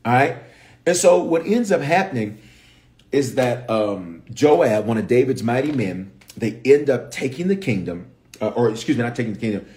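A bishop with a Memphis accent teaches the Bible on a livestream. He tells the story in slangy, animated bursts and keeps turning to his viewers, his pitch swinging widely. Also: moderate pace. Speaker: bishop and pastor.

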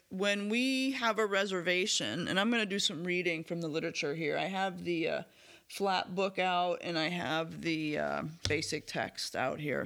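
A man with a somewhat high, sharp and bright voice hosts a recovery podcast on his own. He speaks in an earnest, candid and self-reflective way. His voice is a little hoarse, and he clears his throat from time to time. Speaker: podcast host. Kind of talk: solo recovery podcast talk.

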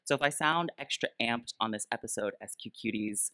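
A man's voice: medium pitch, a little fast, pushed and bright, clear, resonant tone. A man who performs as a drag queen, co-hosting a podcast in an upbeat, bubbly, jokey chat before a live audience.

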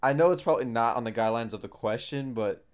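Young male co-host, mid-pitched, laid-back and casually profane. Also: fast talker, clear, resonant tone. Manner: laid-back, short replies, casual swearing. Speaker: podcast co-host. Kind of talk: casual chat.

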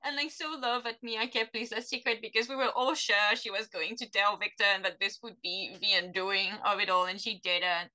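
A woman's voice: medium pitch, fairly even intonation, normal speed, hardly any pauses, sharp tone. A woman from France co-hosting a casual podcast chat about a TV series, chatty and laughing often. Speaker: podcast co-host.

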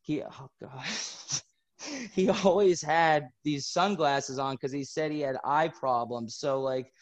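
A podcast host casually telling a story, animated and laughing through it. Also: male voice, a little high, takes it slowly.

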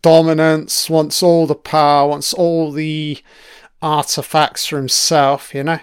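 A man talks over an episode in loose, sweary commentary, reacting to each scene as it plays. His voice sits a little high and clear, with a slow, easy delivery. The recording is close and dry. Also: level tone, dry recording. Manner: sweary, chatty, reacting to the screen. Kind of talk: casual film commentary.

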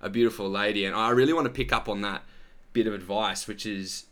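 A man's voice: on the low side, fast, fairly bright tone. A man hosting a casual interview, rambling and heartfelt with friendly slang. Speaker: podcast host.

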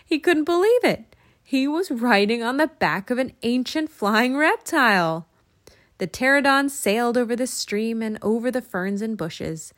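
A woman narrating a children's storybook in an expressive, lilting way. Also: medium pitch. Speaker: audiobook narrator.

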